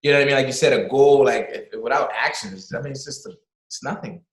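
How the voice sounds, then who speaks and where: A man speaking as a guest in a casual conversation, animated and motivational, often repeating words for emphasis. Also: medium pitch, fast, roomy sound, low-quality recording. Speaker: podcast guest. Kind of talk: casual video-call conversation.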